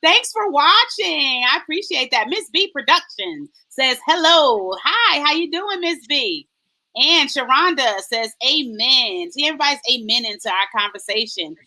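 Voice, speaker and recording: A high-pitched woman hosts a live stream and reads viewer comments aloud. Her tone is bright and clear, and she greets each viewer in a lively, sing-song way. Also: moderate pace, rough recording. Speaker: host.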